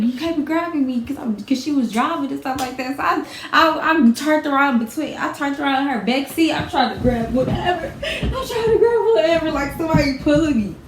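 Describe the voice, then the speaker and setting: A young woman telling a storytime vlog in a casual, animated way, repeating herself, swearing and laughing as she goes. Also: mid-range voice, roomy sound, a little hiss or hum. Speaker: vlogger.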